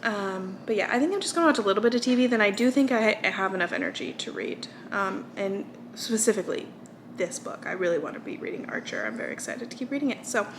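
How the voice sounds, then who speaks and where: A woman's voice: mid-range voice, very animated, fast, background noise. A young American woman vlogging, chatting casually and tired from little sleep, rambling with fillers and restarts. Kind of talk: casual chat.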